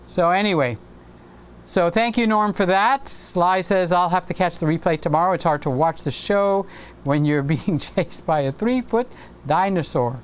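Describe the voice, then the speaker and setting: A man's voice: sits high, expressive, moderate pace, clear, resonant tone. A man in his sixties hosting a casual live stream, rambling chattily and reading viewer comments aloud. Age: 60s.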